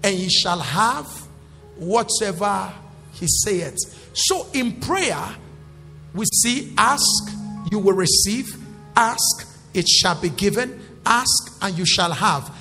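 A male pastor preaching a sermon in call-and-response style, rising to shouts. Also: sits high, animated, slow, vocal fry. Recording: echoey hall with faint music.

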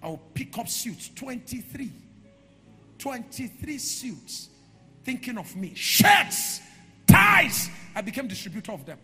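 A man preaching a sermon in a church hall, moving from quiet storytelling to shouted, sing-song declarations. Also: high-pitched, lively intonation, normal speed, husky. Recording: echoey hall with music behind.

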